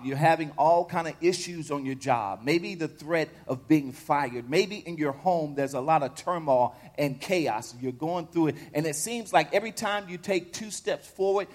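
A male pastor preaching a sermon, repeating phrases and rising to fervor. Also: on the high side. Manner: call-and-response preaching, repetitive, rising to fervor. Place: church sanctuary. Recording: long reverb of a large hall.

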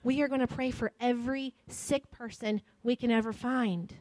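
A woman pastor preaching and leading prayer, slow and emphatic, often hushed and prayerful. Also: fairly high pitch, steady tone, dry recording. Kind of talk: sermon and altar prayer.

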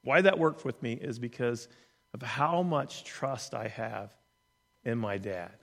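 A man's voice: mid-range voice, takes it slowly, gravelly. A man telling a personal story in an earnest, conversational way, often restarting his sentences. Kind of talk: storytelling in a talk. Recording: long hall reverb.

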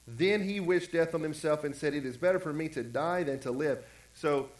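A man's voice: a little high, normal speed, reverberant, low-quality recording. A man pastor preaching a conversational sermon, acting out quotes and repeating phrases. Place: church.

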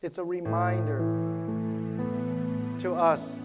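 A man's voice: sits high, level tone, takes it slowly, over loud music. A man preaching a sermon as pastor of a church, repeating his key phrases and calling out to the congregation for a response. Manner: repetitive, preacherly, calls for response.

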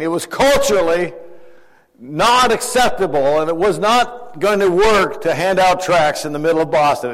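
An older man preaching a sermon in a conversational way, asking his listeners questions and chuckling often. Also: sits high. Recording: long hall reverb.

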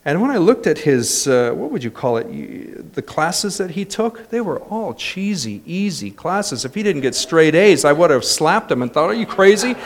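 A man's voice: on the high side, moderate pace, few pauses. A middle-aged man preaching a sermon, telling stories with joking asides. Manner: lively storytelling with joking asides. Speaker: pastor.

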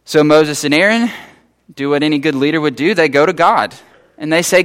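A pastor with a slightly fast, somewhat bright voice on the high side preaches conversationally. He retells scripture and acts out the biblical figures in casual voices.

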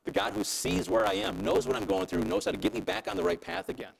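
Lively gravelly-voiced preacher man. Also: high voice, fast, rough recording. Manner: conversational preaching, keeps asking "right?". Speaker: pastor. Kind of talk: sermon.

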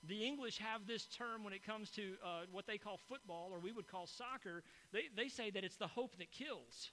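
A man's voice: high voice, normal speed, bright, forceful tone, slight background noise, rough recording. A middle-aged man preaching a sermon to a congregation, in a conversational, storytelling manner with frequent "right?" asides. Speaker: pastor. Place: church hall before a congregation.

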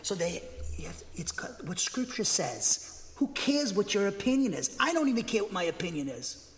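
A man preaching a sermon from a pulpit, emphatic and dogmatic, getting excited and speaking with conviction. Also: high voice, normal speed. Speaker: pastor. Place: church. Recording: long hall reverb.

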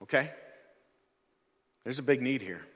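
Bright-voiced preacher in an echoing hall. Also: male voice, medium pitch, lively intonation, measured pace, husky. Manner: conversational preaching, acts out quoted voices. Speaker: pastor. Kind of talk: sermon. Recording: long hall reverb.

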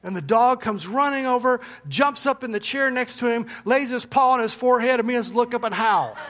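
A man preaching as pastor, in a relaxed storytelling manner with restarts and asides. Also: very high-pitched, a little fast. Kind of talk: sermon with a told joke. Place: church.

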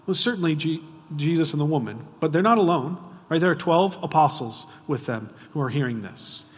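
A man preaching a sermon, asking the audience frequent rhetorical questions and swinging between hushed and loud, emphatic delivery. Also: on the high side, expressive, a little fast. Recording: long reverb of a large hall.

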